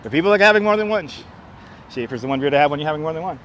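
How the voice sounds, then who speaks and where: Man voicing a sarcastic old-time radio announcer, booming ad-read delivery, slightly high voice, outdoor clip-on mic. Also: expressive, very fast, fairly bright tone, slight background noise. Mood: hammy. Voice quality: booming, exaggerated ad-read inflection. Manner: over-the-top sarcastic announcing. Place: outdoors on a city street. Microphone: wireless clip-on mic.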